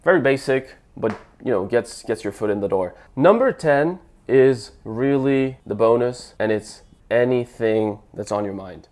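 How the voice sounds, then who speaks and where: A man's voice: mid-range voice, expressive, unhurried, few pauses, a little mellow. A young man, a dating coach, talking casually to camera and acting out sample lines, with frequent stammers and restarts. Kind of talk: casual advice talk to camera.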